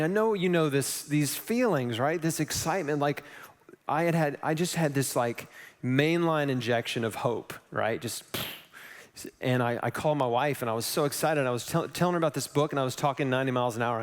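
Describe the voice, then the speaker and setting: A man speaking on stage at a live event, telling a personal story with animated, self-deprecating asides to the audience. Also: on the high side. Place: large event hall on stage. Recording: long hall reverb.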